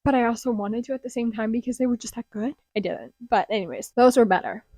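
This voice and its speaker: A young woman chatting casually about books she read, gushing and dropping into excited whispers. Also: on the high side, fast, dry recording. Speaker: booktuber. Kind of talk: casual book review vlog. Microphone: close desk mic.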